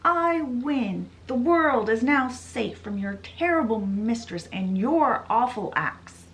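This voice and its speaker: A woman's voice: on the high side, animated, slow pace. A woman voicing a determined young heroine while casually retelling a story. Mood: triumphant. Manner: casual retelling, little acting.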